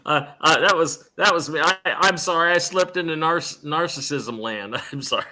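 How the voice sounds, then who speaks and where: A man's voice: fairly high pitch, normal speed, pushed and bright. A middle-aged man hosting a live stream show in rambling, chatty conversation, restarting his sentences often. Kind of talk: casual chat.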